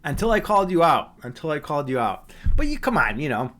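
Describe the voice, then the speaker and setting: A man's voice: a little high, very animated, fast talker, a bit bright. A man hosting a livestream, chatting casually with viewers in a joking, teasing way, with many restarts and fillers. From Chicago. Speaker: livestream host.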